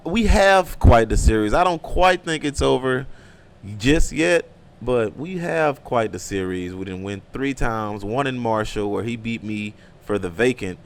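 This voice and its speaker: A man's voice: lowish voice, a little hiss or hum. A man, a guest wrestler, talking in an easygoing way in casual chat.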